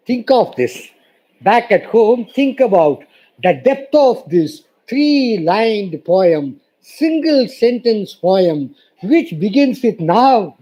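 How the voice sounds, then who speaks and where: A man's voice: high voice, lively intonation, slow pace, a little mellow, low-quality recording. A man gives a formal lecture as a guest speaker, emphatic and repeating "you see" often. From India.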